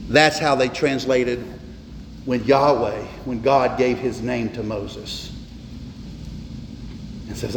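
A man preaching a sermon as a pastor, emphatic, repeating words and slowing down for stress. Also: medium pitch, steady tone, noisy background. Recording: echoey hall, faint ambience.

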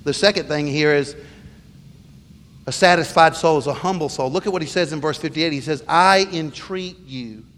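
A man's voice: fairly high pitch, fairly quick, a bit bright. A middle-aged man, a pastor, preaching a sermon earnestly and with emphasis, often stumbling and restarting. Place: church sanctuary. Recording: long reverb of a large hall.

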